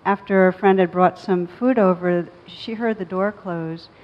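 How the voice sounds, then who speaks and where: A lower-pitched woman speaks thoughtfully as a meditation teacher, leaning slowly into important words. Her voice carries a long reverb and sounds somewhat muffled and lo-fi. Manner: thoughtful, measured, slows on key words. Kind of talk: reflective storytelling talk. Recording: dull audio with long reverb.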